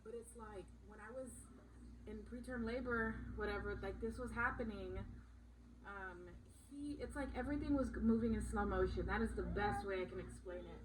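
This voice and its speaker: A woman's voice: medium pitch, a little fast. Rambling young woman, noisy recording. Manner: rambling, filler-heavy, emphatic. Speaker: vlogger. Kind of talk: casual personal storytelling.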